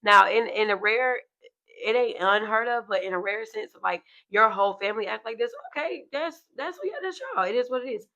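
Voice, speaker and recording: A woman in her thirties talks frankly and emphatically as a podcast co-host, her voice bright and edged with gravel. The audio is dull and lo-fi. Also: on the high side, brisk. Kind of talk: casual chat.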